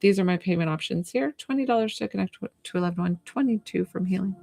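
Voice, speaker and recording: Chatty gravelly woman live-streaming. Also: mid-range voice, quick pace, mellow, dry recording, soft background music. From United States. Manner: chatty, giggly, lots of fillers. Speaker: psychic medium hosting a live stream. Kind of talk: casual live-stream chat.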